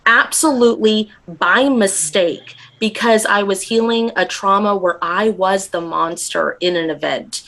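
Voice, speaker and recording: A woman's voice: mid-range voice, a bit bright. A woman talking as a guest on a casual podcast, intense and emphatic, swearing freely.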